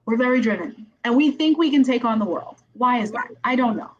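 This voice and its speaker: A woman's voice: on the high side, expressive, fairly quick, a little mellow. A woman attorney hosting a podcast interview, talking in a chatty, conversational way. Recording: slightly dull sound with faint background noise.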